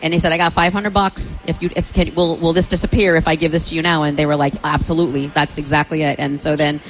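A woman telling a story in a casual chat, animated, often laughing and acting out what others said. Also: sits low, fast talker, a little hiss or hum, rough recording.

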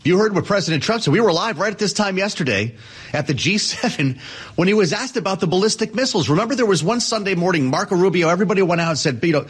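Male news anchor, husky and a bit raspy, breezy and joking with his guests on a live show. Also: high voice, expressive, fast.

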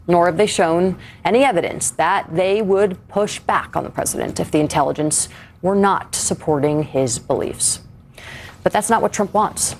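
Woman anchor, low-set voice, crisp pointed delivery, slight hiss behind. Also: darkish tone. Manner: crisp, pointed, lightly wry. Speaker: news anchor. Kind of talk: news anchoring and interviewing.

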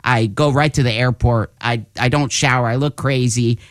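A man's voice: medium pitch, normal speed, smooth, dry recording, studio quality. A man who is a comedian, telling stories in casual talk-show chat and acting out the quotes with laughs. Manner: animated storyteller acting out quotes, laughs often. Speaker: guest comedian.

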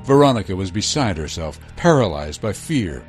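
A man narrating a news feature in a scripted, measured, dramatic storytelling manner. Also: low-pitched, big pitch swings, music in the background.

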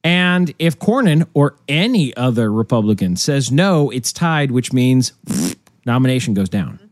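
A man co-hosting a casual political chat, talking in an animated, mocking way and often breaking into laughs. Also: mid-range voice, unhurried, dry recording, clean studio sound. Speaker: podcast co-host.

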